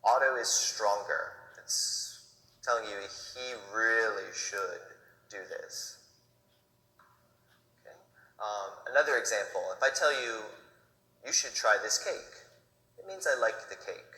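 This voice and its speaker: A man with a low, bright-toned voice teaches English grammar step by step. He explains each rule patiently and models example sentences slowly, then at natural speed. The recording sits in a reverberant room with a long echo tail. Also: lively intonation, distant mic.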